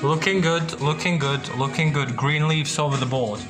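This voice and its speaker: This orchid-loving young vlogger talks at normal speed in a voice on the high side, with music underneath. He's showing his plants indoors at home, surrounded by boxes, in a rambling casual style full of restarts and the repeated tag "yeah?"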